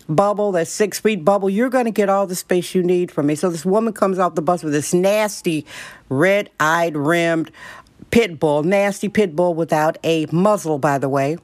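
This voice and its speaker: A blunt, opinionated woman in middle age talks straight to her podcast listeners, telling a story in a chatty monologue. Her voice sits on the low side for a woman. The sound is dry and close, with no room echo. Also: a little mellow. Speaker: podcast host.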